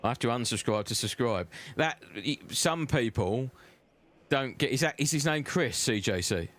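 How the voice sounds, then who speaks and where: A man streaming a sim racing game live, chatting and joking with his viewers as he drives, his voice close and loud on his own desk mic. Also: medium pitch, expressive, normal speed, slight background noise. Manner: chatty, banters with chat, cheeky. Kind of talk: live-stream gameplay commentary.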